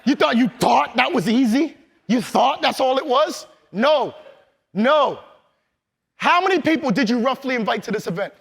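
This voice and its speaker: A man giving a loud, hyped motivational training talk to a live audience in a large event hall, calling on the crowd and laughing. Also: very high-pitched, expressive, normal speed, vocal fry, slightly rough. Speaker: motivational speaker.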